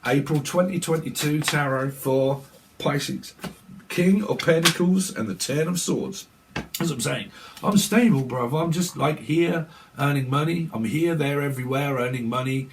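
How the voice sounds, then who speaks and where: A man's voice: a little high, unhurried, background noise. A man giving a chatty, rambling tarot reading with casual swearing. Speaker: tarot reader.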